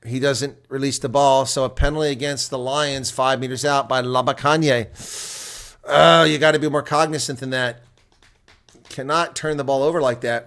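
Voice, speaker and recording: A middle-aged man calling a rugby match live from his own desk. He swings from loud, excited shouts at big plays to easy, rambling chat, reading viewer comments aloud. His voice sits at an ordinary middle pitch. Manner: erupts into loud excited shouts at big plays, then settles into chatty talk. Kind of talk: live play-by-play and color commentary.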